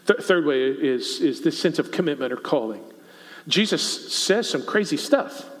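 A man's voice: on the high side, lively intonation, measured pace. A man with a Texan accent preaching a sermon to his church, talking conversationally and asking the congregation questions. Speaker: pastor. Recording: long reverb of a church hall.

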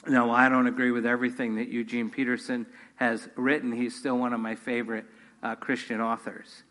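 A man's voice: mid-range voice, level tone, a little fast, fairly bright tone. A man preaching a sermon to his congregation, earnest, rising in force on key points. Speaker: pastor. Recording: long hall reverb.

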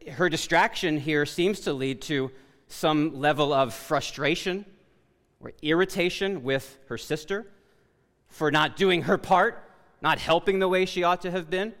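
Guy pastor giving a sermon, kinda high voice, loud, restarts his sentences a lot, big echoey church. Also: animated, normal speed. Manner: loud, emphatic preaching with self-corrections. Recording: long reverb of a large hall.

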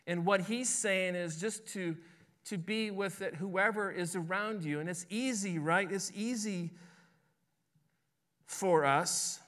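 A man's voice: high-pitched, slow, a bit bright. A man preaching a sermon as pastor, in a conversational way that keeps checking in with listeners and repeats words as he goes. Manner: conversational, asks "right?" often, repeats words.

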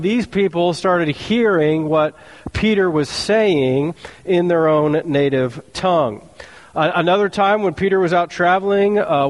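A man preaching a sermon as a pastor, telling the stories in a casual, joking way with slang. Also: a little high.

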